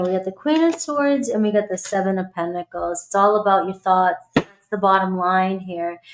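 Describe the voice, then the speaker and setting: A middle-aged woman giving a casual, blunt tarot reading, chatty and swearing freely. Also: mid-range voice. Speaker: tarot reader.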